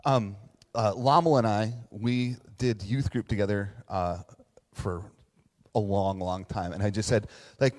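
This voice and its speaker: A man's voice: lowish voice, steady tone, measured pace, a little mellow, long reverb tail. A middle-aged man preaching a casual, conversational sermon as a pastor, joking at his own expense with lots of fillers and tag questions. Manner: chatty, self-deprecating, frequent fillers and "right?".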